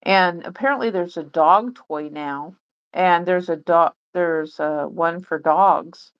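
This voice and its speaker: A woman's voice: on the low side, takes it slowly, smooth, muffled recording. A woman chatting on a livestream in a rambling way, full of fillers and restarts. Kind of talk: casual livestream chat.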